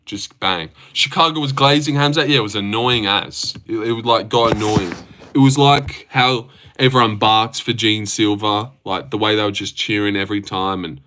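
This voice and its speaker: Bright-voiced Australian streamer, swearing a lot. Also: male voice, on the low side, slight background noise. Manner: rambling, swears often, laughs a lot. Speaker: livestream host. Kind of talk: casual livestream chat reading comments.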